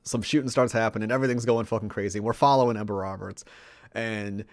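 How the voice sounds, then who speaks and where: A man with a fairly low voice gives a loose, foul-mouthed movie review. He rambles and mocks the film with sarcasm, sometimes slipping into silly voices for the characters. The sound is dry and close to the mic, with no room around it. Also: steady tone, fast talker, dry recording. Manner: acts out characters in mocking voices. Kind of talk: casual profane movie review.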